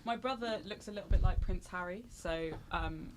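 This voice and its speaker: A woman's voice: lowish voice, moderate pace, a little hiss or hum. A woman, the podcast's producer, chatting casually from away from the microphone. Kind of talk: casual chat. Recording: quiet, distant from mic.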